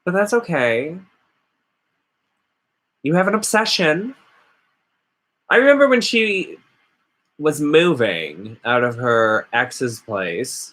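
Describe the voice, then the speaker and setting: A man's voice: fairly high pitch, sing-song, slow, long pauses, fairly bright tone. A man vlogging casually, rambling and sarcastic as he rants. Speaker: witchcraft vlogger. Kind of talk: casual ranting vlog.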